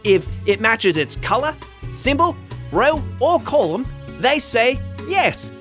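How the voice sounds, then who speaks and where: A man putting on a comic Australian accent to pitch a board game as an over-the-top Australian salesman who keeps asking "yeah?". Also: sing-song, fairly bright tone, faint music behind, heavily acted. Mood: jokey pitch. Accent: put-on Australian. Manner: sing-song, drawn-out, keeps adding "yeah?".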